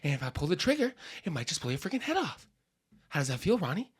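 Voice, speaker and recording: A man putting on a brash, foul-mouthed tough-guy movie star who swaggers through every line and tacks "bro" onto his threats. The voice sits a little high and swings widely in pitch. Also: very animated, fast, slightly rough. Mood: menacing. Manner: swaggering, crude, says "bro" a lot. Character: tough-talking male movie star, crude, menacing.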